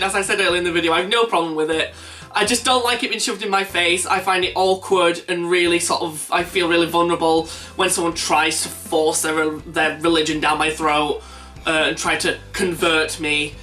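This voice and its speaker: Bright, lively young man. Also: sits high. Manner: animated, self-mocking, laughs at own jokes. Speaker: vlogger. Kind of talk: casual anecdote storytelling. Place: indoors at home. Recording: distant mic with faint background music.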